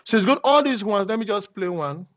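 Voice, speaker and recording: A man's voice: sits high, expressive, a little fast. A man giving a casual tutorial over a video call, talking conversationally and often restarting his sentences. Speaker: instructor. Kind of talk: casual screen-share tutorial. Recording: muffled video call audio.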